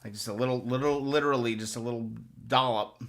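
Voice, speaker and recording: A man talks casually to his live-stream viewers, coaching them step by step as he works. His voice is bright and forward, set at an ordinary middle pitch, and his delivery is upbeat and chatty. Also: steady tone, quick pace. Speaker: host of a motorcycle restoration live stream.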